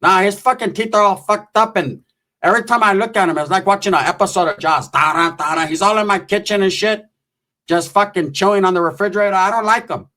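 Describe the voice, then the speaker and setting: A sharp-tongued auntie who curses freely and shuts every request down flat, as a man puts her on. The voice sits a good deal higher than his usual talk, and every line comes out blunt and scornful. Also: fast. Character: foul-mouthed bossy middle-aged aunt.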